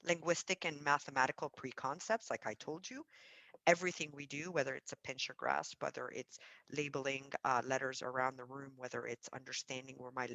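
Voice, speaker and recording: Woman, childcare executive, parenting talk, animated, emphatic, bright tone, dry close sound. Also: rumbling low, no echo, low-quality recording.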